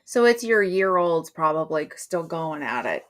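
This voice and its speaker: A woman's voice: low voice, sing-song, a little slow. A middle-aged woman hosting a live stream, chatting casually and rambling in a friendly way.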